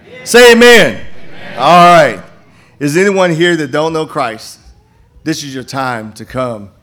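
An older man, a campus minister speaking to a church congregation and telling folksy stories with many restarts. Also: medium pitch. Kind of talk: church appeal and testimony. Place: church sanctuary.

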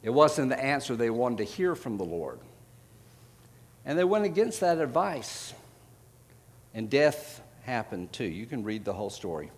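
A man's voice: medium pitch, sing-song, unhurried, long pauses, in a large hall. Conversational male preacher retelling scripture. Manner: conversational storytelling, retelling scripture in casual paraphrase; frequent fillers and self-corrections while finding verses. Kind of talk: sermon.

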